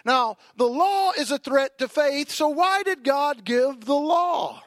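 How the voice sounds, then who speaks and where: A male preacher delivering an emphatic sermon, swinging from quiet asides to shouted declarations. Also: very high-pitched, animated, takes it slowly, no echo, studio quality.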